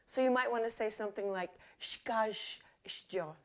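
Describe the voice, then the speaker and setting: A woman hosting a comic mock language lesson, speaking in a deadpan, mock-authoritative way as a self-styled professor. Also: fairly high pitch, fast. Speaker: comedy host.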